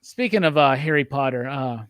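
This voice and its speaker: A man hosting a casual movie review chat, talking with animated enthusiasm and leading the discussion. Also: medium pitch, moderate pace, clean tone, no echo, clean studio sound. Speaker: podcast host.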